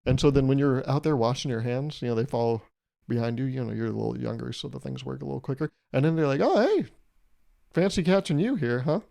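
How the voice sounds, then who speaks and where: A man's voice: medium pitch, fairly even intonation, quick pace, creaky, mellow. Brief: young male podcast host, solo comedic rant, crude and meandering, amused at his own jokes. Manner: rambling, crude, self-amused riffing. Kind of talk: casual comedic monologue.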